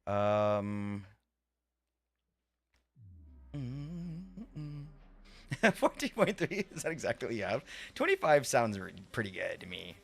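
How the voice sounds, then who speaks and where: A man's voice: lowish voice, sing-song, moderate pace, vocal fry, faint music behind. A man live-streaming a game in casual chat who rambles, repeats himself and swears offhand.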